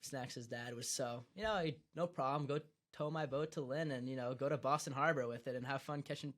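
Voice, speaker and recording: A man's voice: medium pitch, brisk, fairly bright tone. A teenage young man with a Massachusetts accent, a podcast guest chatting casually in an easygoing, earnest way. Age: teens. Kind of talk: casual chat.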